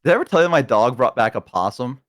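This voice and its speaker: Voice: medium pitch, animated, fast talker, a bit bright, dry recording, clean studio sound. A streamer chatting casually on a stream, telling a story animatedly and acting out voices. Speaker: streamer guest.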